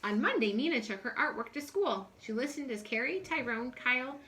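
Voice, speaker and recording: A woman reading a children's picture book aloud in a friendly, expressive way. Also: sits high, fairly quick, slight background noise. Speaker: story reader.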